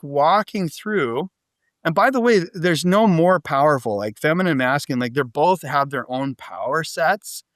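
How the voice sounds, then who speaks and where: Male podcast guest, slightly high voice, lively storyteller, dry close mic. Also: dry recording. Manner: animated storytelling, frequent "like" and "right?". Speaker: podcast guest, business coach. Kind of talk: casual interview talk.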